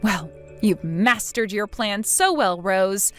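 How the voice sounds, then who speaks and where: A woman's voice: medium pitch, animated, takes it slowly, fairly bright tone, soft background music. A synthetic woman's voice playing a defiant young daughter-in-law in a text-chat story, sarcastic and dismissive.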